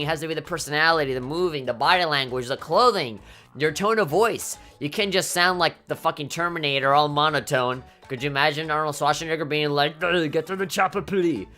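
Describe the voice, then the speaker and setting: A woman with a low, bright-edged voice talks through a game in loose, casual commentary. She swears freely and keeps flaring up in playful mock outrage. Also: a little fast, faint music behind. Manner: animated, swears often, mock-indignant outbursts. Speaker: let's play commentator.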